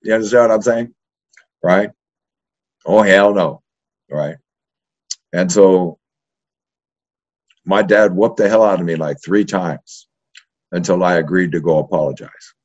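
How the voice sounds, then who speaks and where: An older man from East Los Angeles, a history professor, speaks in a low, somewhat slow voice with long pauses. In a casual interview he tells profane stories from his youth, animated and constantly tacking on "right?", and the lo-fi recording sounds dull.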